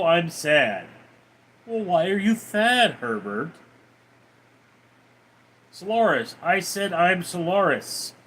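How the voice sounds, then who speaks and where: Lively, slow-talking male streamer. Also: sits high, slight background noise. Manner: teasing, crude banter. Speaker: livestream host. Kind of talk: casual livestream chat, reading viewer comments aloud.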